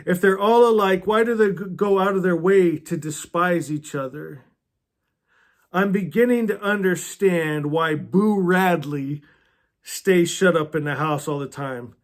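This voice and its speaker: A man's voice: high voice, a little slow. A man hosting a book club video, chatting earnestly about a novel and reading passages aloud, laughing often.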